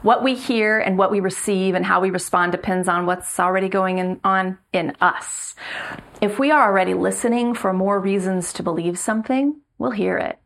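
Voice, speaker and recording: A middle-aged woman, a pastor giving a sermon in a measured, earnest way with slow, emphatic repetitions. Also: mid-range voice.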